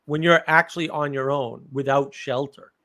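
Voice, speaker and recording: A man's voice: medium pitch, steady tone, moderate pace, bright, forceful tone. A man hosting a live stream, rambling through personal stories in casual chat with blunt remarks and casual swearing.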